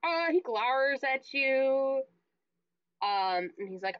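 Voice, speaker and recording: Brief: woman game master, slightly high voice, dull lo-fi mic, dry close sound. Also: animated, slow pace, smooth, dry recording. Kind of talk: narrating a tabletop horror game.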